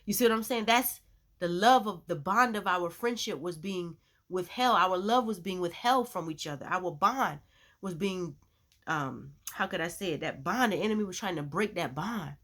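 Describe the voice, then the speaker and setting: A woman sharing a personal faith testimony as a vlogger, in a chatty, animated storytelling way with lots of "you know.". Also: on the low side, normal speed. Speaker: Christian vlogger.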